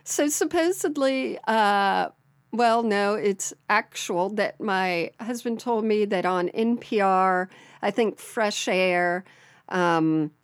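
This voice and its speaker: A woman's voice: mid-range voice, slow, clear, resonant tone, no room sound. A woman co-hosting a podcast, telling a listener's story in a chatty, storytelling way with frequent laughs. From American South. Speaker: podcast co-host. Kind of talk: casual podcast chat, reading a listener story.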